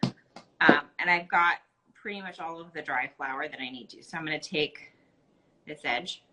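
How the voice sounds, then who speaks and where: A woman's voice: on the low side, bright, forceful tone, rough recording. A tired woman in her thirties, chatting casually on a live stream while she shows how she kneads bread dough. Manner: chatty, explains steps while working with her hands. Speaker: co-host showing bread baking.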